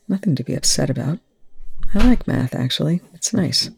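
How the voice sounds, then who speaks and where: A reader voicing a gruff male military commander who speaks calmly and gently to reassure a friend. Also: on the high side, moderate pace, a little hiss or hum. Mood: reassuring.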